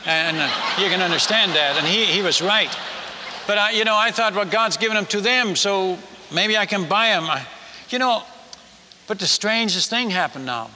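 A man preaching, telling a story in a lively way and acting out the voices of the people in it. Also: high voice, normal speed, slight background noise. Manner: animated, acts out villagers' voices. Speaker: missionary storyteller. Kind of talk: sermon storytelling. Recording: echoey hall reverb.

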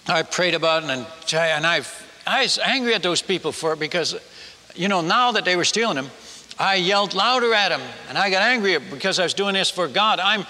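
A man preaching a storytelling sermon as a missionary, halting and self-mocking, often stumbling and repeating his words. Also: sits high, sharp tone, in a large hall.

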